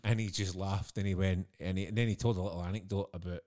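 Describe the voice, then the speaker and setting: A Scottish man co-hosts a podcast in relaxed conversation. His voice sits very low, and he tells stories with easy laughter. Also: quick pace, a little hiss or hum. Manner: chatty storyteller, laughs often. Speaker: podcast co-host. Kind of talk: casual chat.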